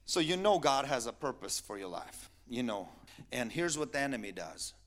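A man preaching a sermon as pastor, animated and emphatic, repeating phrases to drive his points home. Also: mid-range voice, normal speed.

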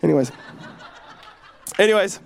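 A man from California gives a casual, joke-filled sermon in a high voice. He tells personal stories and turns to the audience with questions and asides, drifting off topic before coming back. He speaks as a young adult preacher at ease with his crowd. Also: expressive, takes it slowly, gravelly, slight background noise. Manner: joking, storytelling, audience asides. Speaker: pastor.

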